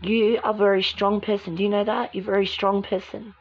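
A woman's voice: mid-range voice, little pitch movement, brisk, soft background music, lightly acted. A woman voicing a pleading, insistent young woman friend in an amateur voice drama. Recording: dull lo-fi recording.

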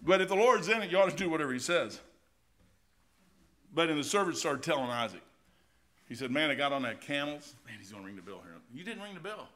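A man's voice: on the high side, fast, long pauses. A middle-aged American man preaching an informal, folksy sermon as pastor, full of anecdotes and asides. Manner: folksy and animated, keeps saying "man", tells anecdotes. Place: church sanctuary.

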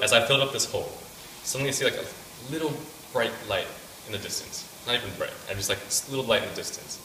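A man's voice: fairly low pitch, sharp tone, slight background noise. A young man casually telling a personal faith testimony to a student group, rambling with many fillers. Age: young adult. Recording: echoey room picked up from a distance.

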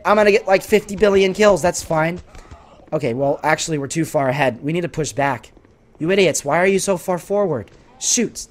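A man with a hoarse voice giving exasperated, sarcastic, excitable commentary over his own gameplay. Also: high voice. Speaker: gaming channel host.

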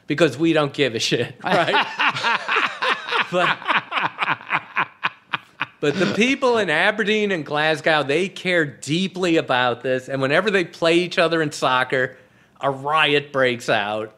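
A man's voice: a little high, animated, takes it slowly, pauses often, sharp tone. A man, a comedy writer, telling anecdotes as a podcast guest in a wry, joking way and laughing at his own punchlines. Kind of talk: anecdotal storytelling.

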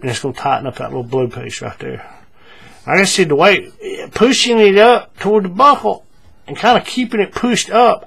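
This paracord tutorial comes from a man who explains every move calmly, with plenty of fillers and repetition. His pitch runs somewhat high, with a creaky, slightly rough quality.

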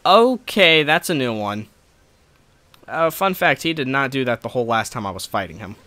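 Guy cursing nonstop at a video game boss, sarcastic rant, bright sharp voice. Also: medium pitch, lively intonation, moderate pace. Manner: profane, ranting frustration at the game. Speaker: let's play gamer. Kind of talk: gameplay commentary.

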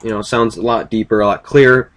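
A man talking through a casual screen-recorded software tutorial, rambling and correcting himself as he goes. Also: fairly low pitch, steady tone, fast, noisy background. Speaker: video tutorial maker.

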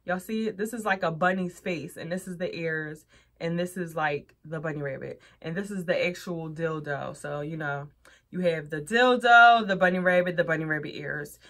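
Chatty young woman, lowish voice. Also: normal speed, fairly bright tone. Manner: chatty, frank, swearing, addressing viewers as y'all. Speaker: vlogger reviewing adult toys. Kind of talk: casual chat to camera.

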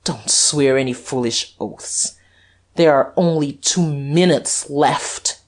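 A woman voicing a coldly menacing duke. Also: takes it slowly. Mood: jeering. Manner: jeering, menacing, deep and compelling. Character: cold, commanding male gentleman thief posing as duke.

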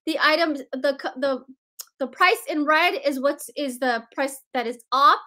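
A woman's voice: high voice, measured pace, sharp tone. A woman hosting a live sales stream, greeting viewers by name in a bubbly, chatty way.

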